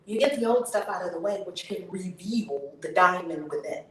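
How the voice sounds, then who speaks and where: A woman hosting her channel, leading a guided tapping session with slow, drawn-out chanted affirmations that turn breathy and emphatic. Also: on the low side, expressive. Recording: echoey room, distant mic, faint noise.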